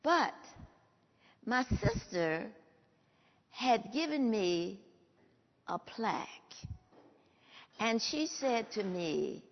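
Older woman with a gravelly voice. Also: on the high side, big pitch swings. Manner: slow, emphatic, emotional storytelling. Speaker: speaker telling a personal story to an audience. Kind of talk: personal storytelling talk. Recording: dull lo-fi sound with long hall reverb.

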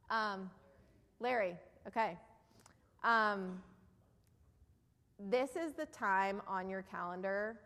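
A woman's voice: mid-range voice, a bit bright. A woman with a New Jersey accent giving an earnest, persuasive business presentation to a live audience, often putting questions to the room. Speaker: keynote speaker. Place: event hall before a live audience. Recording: long hall reverb.

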